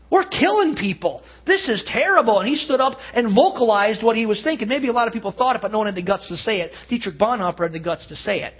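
Male pastor, high husky voice, earnest sermon with swings between loud and hushed, dull lo-fi church recording. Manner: earnest preaching that swells loud and drops to hushed. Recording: dull lo-fi sound.

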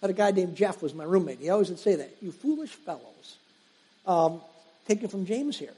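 Man preaching, very high voice, emphatic slow pauses, quick asides, long hall reverb. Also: dark tone, husky. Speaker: pastor. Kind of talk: sermon.

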